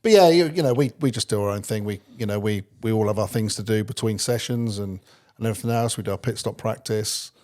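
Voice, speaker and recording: A low-pitched man talks quickly and casually about crew life. He stumbles and repeats words at the start of his thoughts, then rushes on. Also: dark tone. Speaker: podcast guest, race pit crew member. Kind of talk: casual interview chat.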